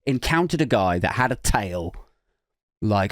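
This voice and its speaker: A man's voice: fairly low pitch, animated, normal speed, dry recording, studio quality. A man hosting a podcast, giving a crude, sarcastic comedic commentary and slipping in mock voices. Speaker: podcast host.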